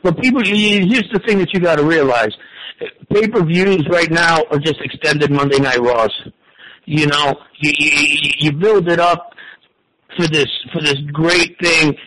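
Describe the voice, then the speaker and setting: A man in his forties talking sports on a show, excitable and crude, full of stammered restarts and swearing. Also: fairly high pitch, unhurried, a little hiss or hum, low-quality recording. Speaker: wrestling and football pundit guest. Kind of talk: excited casual sports talk.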